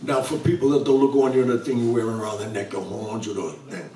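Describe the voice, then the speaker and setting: A man's voice: medium pitch, fairly even intonation, fast, mellow. An older man, a chatty storyteller acting out the dialogue for a live audience at a bookstore event. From New York. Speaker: author guest speaker. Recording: roomy sound from a distant mic.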